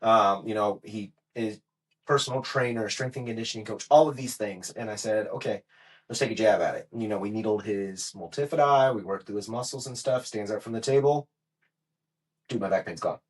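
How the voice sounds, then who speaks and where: A man hosting a casual podcast, animated and quick to laugh, often repeating words for effect. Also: on the low side, poor audio. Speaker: podcast host, physical therapist. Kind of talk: casual chat.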